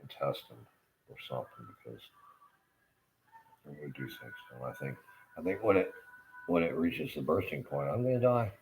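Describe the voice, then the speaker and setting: A man with an extremely low, deep voice delivers a rambling, profane and agitated rant. He is middle-aged and in pain, and his talk swings between bitter muttering and shouted curses. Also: lively intonation, moderate pace, pauses often, a little hiss or hum. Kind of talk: angry ranting monologue.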